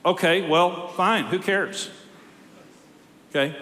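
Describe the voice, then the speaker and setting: A marriage counselor in a seminar hall, a man whose voice sits a little high. He teaches in an emphatic, wry way and presses his points hard. A long hall reverb trails every line. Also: a little slow, pauses often. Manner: emphatic, wry, builds to loud exhortation.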